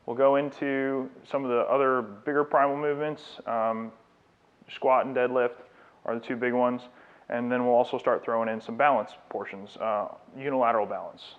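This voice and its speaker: A male trainer, medium-pitched and steady at a moderate pace, gives a live demonstration lecture while coaching a client through exercises. He explains and encourages as he goes, in a fitness studio, captured with a tinny, phone-like sound.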